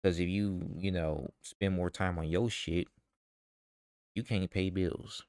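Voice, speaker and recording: A man's voice: low-pitched, fairly even intonation, slow, darkish tone, dry recording, clean studio sound. A man in a vlog ranting heatedly with profanity and rhetorical questions. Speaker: vlogger. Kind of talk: ranting commentary.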